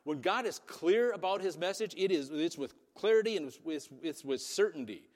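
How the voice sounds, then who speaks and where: A middle-aged man preaching a sermon in a relaxed, conversational storytelling way, with plenty of ums. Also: high voice, moderate pace. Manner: conversational storytelling with many fillers. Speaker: pastor. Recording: long reverb of a large hall.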